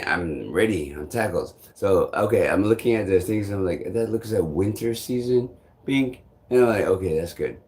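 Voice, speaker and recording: A man with a somewhat low voice talks straight to his vlog audience. He rambles through a personal story, loops back on himself with "I'm like," swears casually and chuckles along the way. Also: darkish tone. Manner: meandering, repeats "I'm like", swears freely, chuckles often. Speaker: vlogger.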